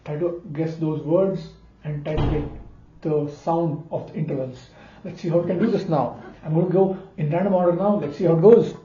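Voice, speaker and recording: A man's voice: a little high, normal speed. A man giving a casual ear-training lesson, talking between notes and humming the intervals back. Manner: talks between played notes, hums and sings intervals back. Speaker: music teacher. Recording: roomy lo-fi recording under loud guitar.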